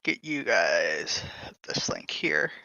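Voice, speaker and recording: A man hosting a podcast, talking casually and haltingly while reading text aloud from his screen. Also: mid-range voice, very animated, vocal fry, bright, forceful tone, no room sound. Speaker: podcast host. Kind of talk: casual screen-share talk. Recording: dull lo-fi sound.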